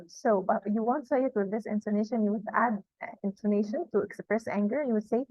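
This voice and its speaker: Higher-voiced woman teaching grammar, dry and dull. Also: darkish tone, no echo. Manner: repeats rules slowly and with emphasis. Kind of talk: classroom grammar lesson.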